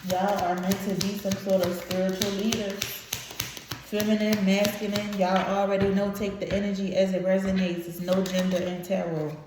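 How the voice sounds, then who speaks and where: A woman's voice: medium pitch, level tone, normal speed, noisy background. A woman giving a casual tarot reading to her viewers, emotional and blunt, swearing freely. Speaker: tarot reader. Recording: very echoey room.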